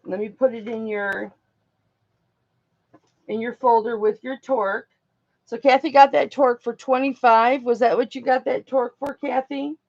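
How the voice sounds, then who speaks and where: A woman's voice: fairly high pitch, steady tone, moderate pace, vocal fry, darkish tone, muffled recording. A woman hosting a jewelry auction livestream, chatting casually and affectionately with viewers and calling them honey and baby.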